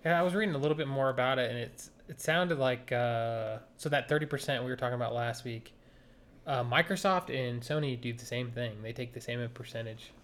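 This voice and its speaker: A man's voice: medium pitch, a little fast, a bit bright. A man co-hosting a podcast in casual chat, teasing his co-host with a wry manner and laughing often.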